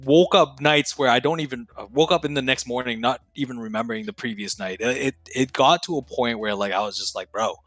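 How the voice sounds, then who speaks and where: Bright-voiced young man telling wild stories. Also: medium pitch, a little fast, few pauses, no echo, faint music behind. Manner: profane, excitable, slangy. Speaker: podcast guest. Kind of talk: casual storytelling.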